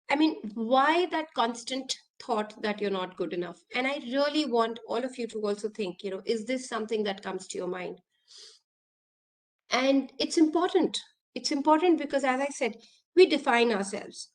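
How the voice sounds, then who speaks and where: A woman's voice: fairly high pitch, moderate pace. A woman, an executive coach giving an online workshop talk, earnest and full of questions to her listeners.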